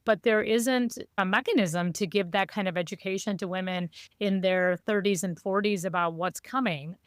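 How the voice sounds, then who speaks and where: Middle-aged woman host asking curious questions, smooth clean voice, dry sound. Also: mid-range voice, normal speed, no room sound. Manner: curious, asks with small restarts. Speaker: podcast host. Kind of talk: casual interview chat.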